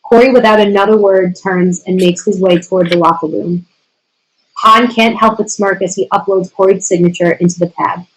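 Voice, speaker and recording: A woman's voice: mid-range voice, steady tone, normal speed, poor audio. A woman steadily reading the stage directions aloud at a screenplay table reading.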